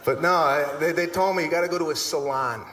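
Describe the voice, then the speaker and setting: A man's voice: a little high, quick pace, noisy background. Exasperated man doing stand-up in a hall. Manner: animated, exasperated storytelling with acted-out voices. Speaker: stand-up comedian. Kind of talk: stand-up comedy routine. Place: large theater stage. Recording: echoey hall, live audience ambience.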